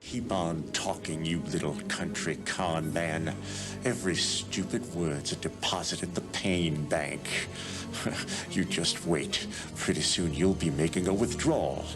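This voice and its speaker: An actor playing a menacing, scheming villain mastermind who gloats and threatens in a movie. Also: male voice, deep voice, a little slow, over music. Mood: gloating threat.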